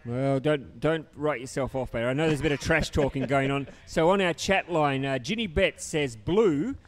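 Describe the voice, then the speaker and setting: A man's voice: fairly high pitch, normal speed. Joking commentator man. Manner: jokey, laughing, teasing. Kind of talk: live sports commentary banter. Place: tent booth at a beach event.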